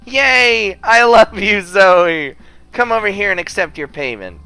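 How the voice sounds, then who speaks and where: A man voicing an excitable, clingy young woman from a game, speaking in a high, squealing, playful voice. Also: moderate pace, smooth, dry recording. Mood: giddy.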